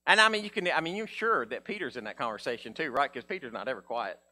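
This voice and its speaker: A man preaching a sermon in a casual, conversational way, acting out Bible figures in a low mumble. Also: expressive, quick pace, sharp tone. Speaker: pastor.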